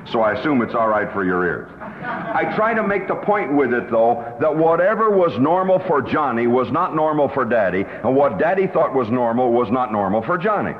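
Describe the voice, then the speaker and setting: A man's voice: medium pitch, sing-song, moderate pace. A male sales trainer speaks in an emphatic storytelling manner with a mid-range voice. The sound carries a long hall reverb, and the old tape is dull and muffled. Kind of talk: sales seminar lecture with anecdotes.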